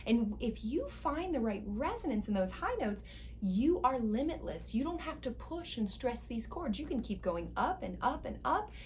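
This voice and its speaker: A woman voice teacher giving a casual, encouraging singing lesson, chatting and now and then breaking into high sung slides. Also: big pitch swings, normal speed. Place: music school studio.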